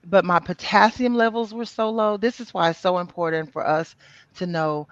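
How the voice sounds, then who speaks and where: A middle-aged woman recounting her own story as an interview guest, animated and full of "you know" and "um" fillers. She acts out the voices of people she quotes. The sound is dry and a bit dull, like a lo-fi recording. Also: on the low side, normal speed, no echo.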